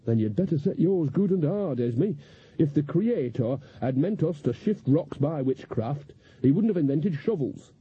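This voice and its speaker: A woman's voice: low-pitched, lively intonation, moderate pace, slightly rough, dry recording, full character voice. A male narrator voicing an earthy, practical old witch woman who speaks in a homely, plain-spoken way, in an audiobook reading on a slightly dull lo-fi recording. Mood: bossy.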